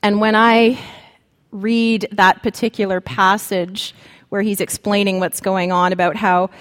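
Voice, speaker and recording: A woman preacher giving a sermon, speaking slowly and dramatically with long pauses. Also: mid-range voice, little pitch movement, a bit bright, smooth, in a large hall.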